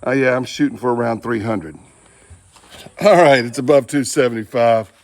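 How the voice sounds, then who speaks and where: A man's voice: mid-range voice, moderate pace. A man demonstrating barbecue at an outdoor grill, with folksy joking asides. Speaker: barbecue channel host. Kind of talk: casual cooking demonstration.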